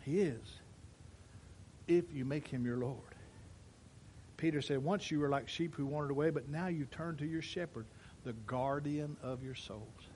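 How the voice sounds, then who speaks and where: A pastor preaching a sermon, swinging between loud emphatic declarations and quiet asides while addressing his congregation in church. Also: a little high, measured pace, long pauses, a little hiss or hum.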